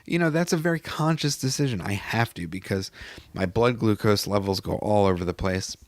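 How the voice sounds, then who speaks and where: Male comedian on commentary, low voice, dry close sound, rambly and self-interrupting. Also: brisk, no echo. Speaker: comedian giving director's commentary.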